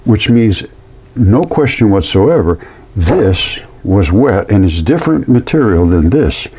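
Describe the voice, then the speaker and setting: Man, casual vlog monologue, indignant, repetitive, warm low-key tone. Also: unhurried, a little hiss or hum. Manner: indignant, repetitive, animated storytelling. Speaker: amateur fossil presenter.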